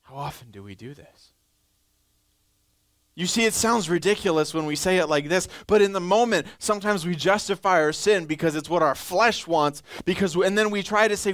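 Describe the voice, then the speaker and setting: Smooth-voiced male preacher, dry close sound. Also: lively intonation, a bit bright, no room sound. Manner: reads scripture slowly, then acts out pleading churchgoers in a high voice. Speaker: pastor. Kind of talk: sermon.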